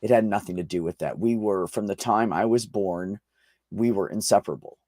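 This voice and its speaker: A man's voice: on the low side, a little fast, mellow, dry recording, studio quality. A man in casual conversation, telling a long personal story with frequent swearing and restarts. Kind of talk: casual chat.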